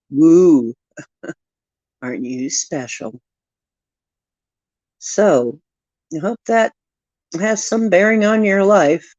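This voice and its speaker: Her voice is on the low side and a little mellow as she hosts a casual live stream reading oracle cards. She's playful and self-mocking, slowing down for the card texts, captured in a dull lo-fi recording with no echo.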